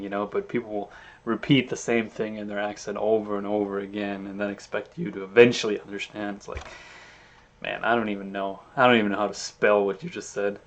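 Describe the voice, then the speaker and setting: Man, German accent, low-pitched, casual, restarts often, webcam at home. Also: fairly quick. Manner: relaxed, rambling, many restarts. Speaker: reaction video host. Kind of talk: casual reaction commentary. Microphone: webcam setup.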